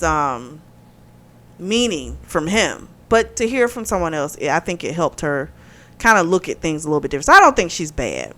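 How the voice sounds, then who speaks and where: A woman's voice: medium pitch, fairly bright tone. A woman hosting a book club channel, casually recapping a novel and acting out the characters' lines with frequent fillers. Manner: chatty, retells scenes with quoted dialogue and laughs.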